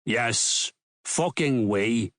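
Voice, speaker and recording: Man doing a Belfast crime boss, gruff, menacing, low, dry. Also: animated, drawn-out words, a bit bright, no echo. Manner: gruff, threatening, swears.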